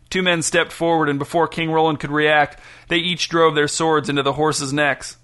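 A man's voice: flat delivery, normal speed, hardly any pauses, fairly bright tone. A man reading a story aloud, evenly paced, raising his voice for the characters' lines. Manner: reads evenly, lifts pitch and volume for character lines. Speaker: audiobook narrator. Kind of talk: scripted narration with voiced characters.

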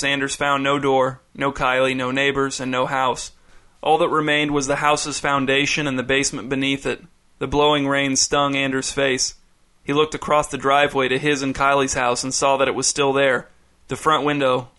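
A man reads a story aloud in a steady, measured audiobook delivery. His voice is bright and crisp, with a mid-range pitch. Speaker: narrator. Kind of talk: audiobook narration.

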